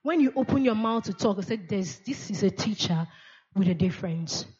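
Woman preacher, call-and-response sermon, repeats key words, medium pitch, dull lo-fi church recording. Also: animated, moderate pace, a little mellow, breathy edge.

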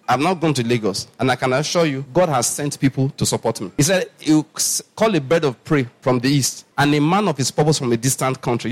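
Animated Nigerian pastor telling stories. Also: male voice, a little high. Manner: animated, lively storytelling with laughing asides. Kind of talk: storytelling sermon.

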